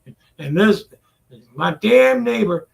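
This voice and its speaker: A man's voice: high-pitched, animated, slow pace, vocal fry. A man ranting to camera in an exasperated, repetitive way, cursing often as he vents. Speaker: vlogger. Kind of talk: profane venting rant to camera.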